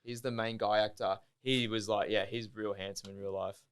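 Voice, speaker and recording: Rambling young Australian man, smooth voice. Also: lowish voice, fairly even intonation, moderate pace. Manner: rambling, heavy use of "like", swears freely. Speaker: podcast guest, diver. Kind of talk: casual storytelling chat.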